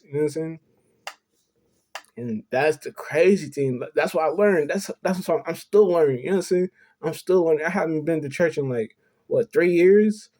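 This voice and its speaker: Earnest young man, dark mellow voice. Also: a little high. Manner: rambling, repeats "you know what I'm saying"; earnest, confessional. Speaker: vlogger. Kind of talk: personal storytelling to camera.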